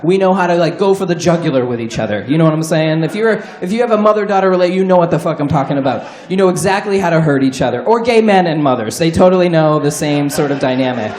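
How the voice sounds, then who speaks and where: A man telling a wry, candid, profanity-laced comedic story live on stage at a storytelling show. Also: sits high. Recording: roomy live venue sound.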